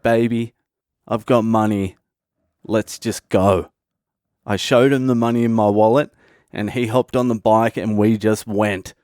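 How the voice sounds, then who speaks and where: A man's voice: lowish voice, darkish tone, no room sound, studio quality. A man in his thirties from Australia with an Australian accent, telling a comic story on his own podcast in a loose, profane way. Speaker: comedian podcast host.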